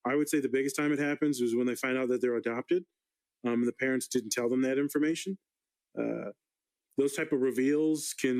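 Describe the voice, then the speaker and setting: A male therapist chatting on a podcast at a middling pitch. He explains things frankly, swears freely and teases with a playful edge. The talk is loose and unscripted. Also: fairly even intonation, brisk, a little mellow, low-quality recording. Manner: candid, profane, playful. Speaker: therapist guest. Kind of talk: casual podcast chat.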